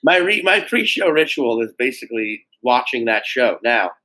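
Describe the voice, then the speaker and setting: A man in a casual podcast interview, an animated storyteller who swears freely and acts out quoted voices. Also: medium pitch, moderate pace, low-quality recording. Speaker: guest comedian.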